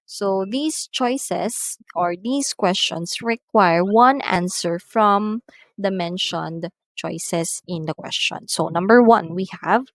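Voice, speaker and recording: A woman's voice: fairly low pitch, slow pace, dry recording. A woman teaching an English lesson, explaining patiently and exaggerating rising and falling tones in her example sentences. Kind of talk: slow scripted lesson reading examples.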